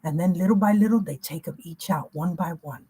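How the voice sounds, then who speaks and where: A woman's voice: on the low side, a little fast, mellow, slightly rough. A woman giving an emphatic, repetitive spiritual reading in a slangy, casual way. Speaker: spiritual reader.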